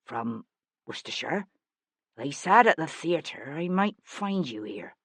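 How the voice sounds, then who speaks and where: Woman playing a shy fumbling young gentleman, soft and hesitant, low voice, dry close sound. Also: big pitch swings, slow pace, husky, dry recording, full character voice. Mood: meek. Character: timid awkward young gentleman in disguise. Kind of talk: audiobook character voice.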